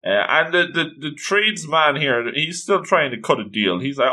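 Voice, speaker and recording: A playful man recapping an episode of a cartoon, chatty and full of asides. His voice is bright, and his pitch leaps around a lot. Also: sing-song, normal speed, few pauses. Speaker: anime recap host.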